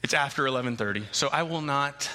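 A man preaching a sermon as pastor, emphatic and repeating key phrases with slow, deliberate stresses. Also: medium pitch, bright, forceful tone, in a large hall. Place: church sanctuary.

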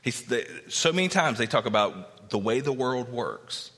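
A man, a pastor, giving a conversational sermon and Bible teaching, animated as he acts out the people he quotes, with many fillers and tag questions. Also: normal speed. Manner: animated, acts out quoted speakers with raised pitch. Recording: long reverb of a church hall.

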